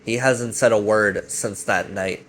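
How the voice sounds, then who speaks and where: A man's voice: lowish voice, fairly even intonation, unhurried, fairly bright tone, slight background noise. Brief: man, casual rambling recap, loose and profane, voices quotes now and then. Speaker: commentator recapping a web series.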